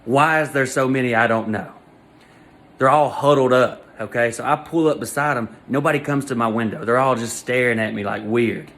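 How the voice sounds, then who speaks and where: A man performs a comedy monologue about an embarrassing experience, ranting in an animated, exasperated way packed with crude jokes. He speaks at medium pitch and moderate pace.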